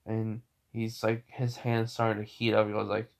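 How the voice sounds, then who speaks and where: A man's voice: lowish voice, completely flat delivery, moderate pace, gravelly, hardly any pauses. A young man casually retelling a fan story, rambling with many fillers and restarts.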